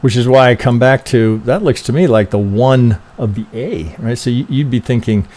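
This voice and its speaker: Going over trading charts live, this man talks briskly with few pauses in a darkish, mid-range voice. He thinks out loud in a casual way, swears freely, and checks in with "right?" after almost every point.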